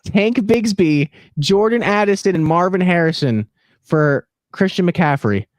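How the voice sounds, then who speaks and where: A man's voice: sits high, expressive, no room sound, studio quality. A young man co-hosting a fantasy football livestream, joking and teasing while rattling off start and sit picks. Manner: joking, mocking, rapid-fire picks. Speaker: fantasy football stream co-host. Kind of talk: casual livestream banter.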